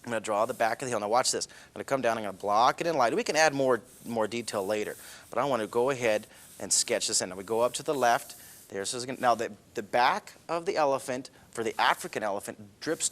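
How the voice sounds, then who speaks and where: A middle-aged man, a cartoonist, teaching a children's drawing lesson with enthusiasm, chuckling and telling stories as he sketches. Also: mid-range voice.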